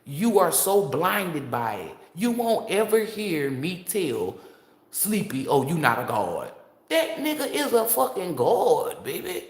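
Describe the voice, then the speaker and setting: A woman's voice: fairly low pitch, sing-song, takes it slowly. A woman, a tarot reader, speaking to her viewers in a blunt, profane, preachy monologue. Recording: echoey room.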